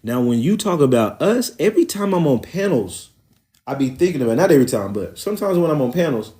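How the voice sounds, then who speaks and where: A man's voice: on the high side, big pitch swings, fast, warm tone. Rambling Oklahoma-accented man. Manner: rambling, profane, loose and conversational. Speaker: livestream host. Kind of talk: casual livestream chat.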